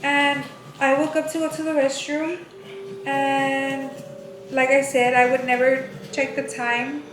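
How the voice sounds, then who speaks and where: A young woman co-hosting a vlog, telling a scary story in a halting, casual way with many fillers. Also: high-pitched, little pitch movement, over music. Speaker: vlog co-host. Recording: echoey room with clear background noise.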